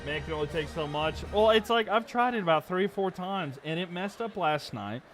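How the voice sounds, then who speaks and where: A man's voice: high voice, a little fast, soft background music. A man live-streaming a football video game, calling plays like a commentator and venting his frustration between snaps. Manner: frustrated asides between excited play calls.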